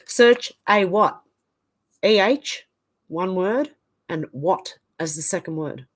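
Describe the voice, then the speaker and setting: A middle-aged Australian woman hosts a live stream, reading viewer comments aloud and chatting about them while she recovers from the flu, coughing now and then. Her voice is lowish and expressive, and she takes things slowly.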